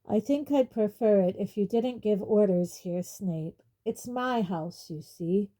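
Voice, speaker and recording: Brief: brash, defiant grown male wizard, as a woman reader puts him on, loud, pushy, mellow-toned. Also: medium pitch, unhurried, lightly acted. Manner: loud, aggressive.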